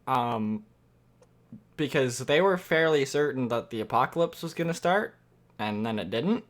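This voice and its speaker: A man narrating as dungeon master, speaking quietly and hesitantly with many fillers. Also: mid-range voice, animated, unhurried. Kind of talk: narrating a tabletop game. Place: home room at night.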